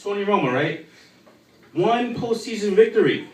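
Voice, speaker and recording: A man's voice: medium pitch, normal speed, slight background noise. A young man doing a crude, rambling stand-up set full of fillers at a live comedy show in a bar. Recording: echoey room from far off.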